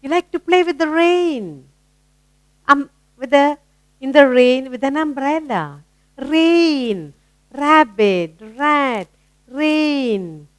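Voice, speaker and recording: A woman's voice: high-pitched, animated, takes it slowly, dry recording. A woman with an Indian English accent teaching young children phonics, coaxing them with questions and praising their answers.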